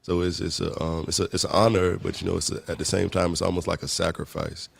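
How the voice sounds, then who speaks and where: Deep gravelly young man, earnest. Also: little pitch movement. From Virginia. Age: 20s. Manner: earnest, measured. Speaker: guest, mayoral candidate. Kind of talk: interview talk.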